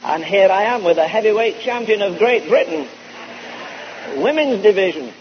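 Male preacher, storytelling sermon, fairly high voice, muffled old tape, faint hiss. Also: normal speed. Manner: animated, folksy anecdotal delivery.

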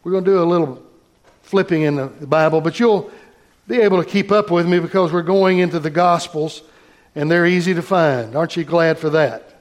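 A man's voice: on the high side, normal speed. A man pastor preaching a sermon, reading scripture aloud and talking directly to his congregation.

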